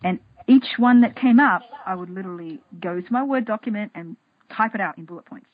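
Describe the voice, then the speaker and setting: A woman's voice: medium pitch, brisk, no room sound, narrow, tinny audio. A woman guest on a podcast, talking casually and animatedly, acting out her inner voices, often restarting and repeating words. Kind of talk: casual interview talk.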